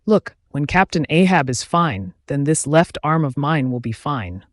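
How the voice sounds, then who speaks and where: A ragged old sailor prophet, put on by a man reading the story, talking high and restless. He mocks and warns in riddles and swings his voice up and down a lot. The sound is close and dry. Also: sing-song, unhurried, no room sound. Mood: mocking, ominous. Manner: cryptic, mocking, insistent. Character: shabby, scarred old sailor, ominous rambling prophet.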